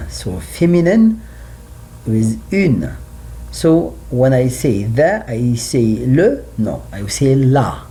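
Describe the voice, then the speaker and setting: A man teaching slow classroom French lesson. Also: mid-range voice, very animated, warm tone. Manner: slow, repeats words for learners.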